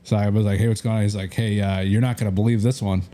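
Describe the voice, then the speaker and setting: A man's voice: fairly low pitch, flat delivery, fast, mellow. A man co-hosting a casual podcast, telling a rambling deal story full of quoted back-and-forth dialogue and fillers. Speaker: real estate agent and podcast co-host.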